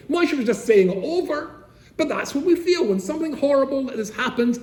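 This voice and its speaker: An older man from England, a rabbi telling stories to seminary students, animated, with rhetorical questions, swinging from loud to soft. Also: very high voice, a little fast. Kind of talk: storytelling talk to students. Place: seminary room, indoors. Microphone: camera he set up himself. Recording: echoey room with faint noise.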